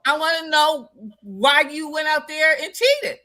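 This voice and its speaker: Bright-voiced blunt woman talk-show host. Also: high-pitched, lively intonation, a little slow. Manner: blunt, emphatic, reads out viewer comments. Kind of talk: casual live-stream chat.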